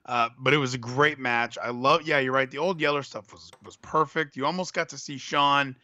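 Bright-voiced man, rambling and candid. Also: medium pitch, steady tone, normal speed, no echo. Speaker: podcast co-host. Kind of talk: casual wrestling chat.

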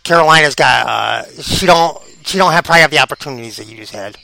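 A man giving casual, rambling reaction commentary as a vlogger, excitable and quick to laugh. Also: a little high, vocal fry, rough recording.

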